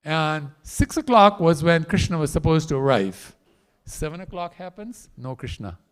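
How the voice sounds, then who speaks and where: A male preacher in a temple hall retells a sacred story, his higher-than-usual voice swinging widely in pitch. He narrates with animated, theatrical delivery and acts out each character. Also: moderate pace. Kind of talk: storytelling sermon.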